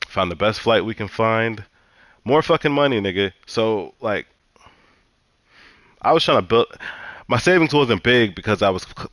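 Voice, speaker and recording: A man's voice: on the low side, a bit bright, dry recording. A man telling a personal story in a heated, profane, repetitive way, venting casually.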